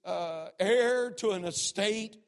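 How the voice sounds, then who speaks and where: A man, preaching a sermon and telling stories dramatically, dropping to a hush and then rising to a shout. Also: high-pitched, slow pace, clean tone. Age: 60s. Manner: dramatic, swings from hushed to shouting. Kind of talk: sermon with storytelling.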